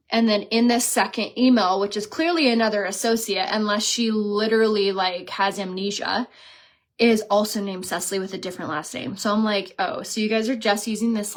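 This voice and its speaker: A young woman vlogging casually, telling a story in an animated way and mimicking the people she quotes. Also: medium pitch. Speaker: beauty vlogger. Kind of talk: casual chatty storytime vlog.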